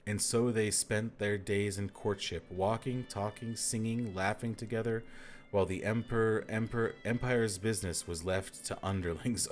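A man's voice: fairly low pitch, steady tone, normal speed. A man hosting a podcast, reading a book aloud and breaking off for dry, wry asides. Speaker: reader and podcast host.

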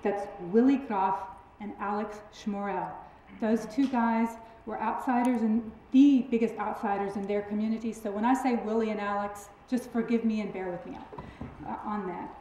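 Lively woman lecturing in an echoey hall. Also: mid-range voice, moderate pace, hardly any pauses, slight background noise. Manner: lively, emphatic, friendly storytelling. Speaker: guest lecturer. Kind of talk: public lecture.

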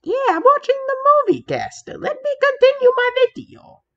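A woman doing Mario as a cheerful, excitable plumber hero in a homemade fan skit. He is high and very bouncy, jumping all over his range. There is a gravelly edge to him. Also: moderate pace, muffled recording, heavily acted. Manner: exclaims catchphrase often, bouncy.

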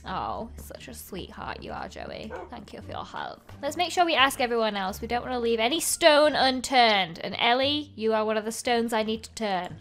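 A woman's voice: on the high side, sing-song, normal speed, a bit bright. A woman in her twenties giving bubbly, playful commentary while playing a video game. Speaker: gaming video host. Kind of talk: gameplay commentary.

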